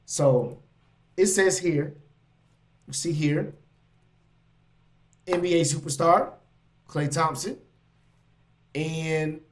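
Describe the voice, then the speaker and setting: A man hosting a casual reaction stream, talking in loose slang, laughing and riffing on what he reads. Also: fairly high pitch. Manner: animated, laughing, slangy asides. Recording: mic.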